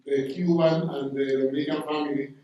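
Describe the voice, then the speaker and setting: A man's voice: mid-range voice, level tone, brisk, dark tone, muffled recording, a little hiss or hum. A man answering as a panelist at a university talk, explaining his points and often checking in with a questioning "yeah?". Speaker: panelist scholar. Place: lecture hall. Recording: echoey hall, mic far off.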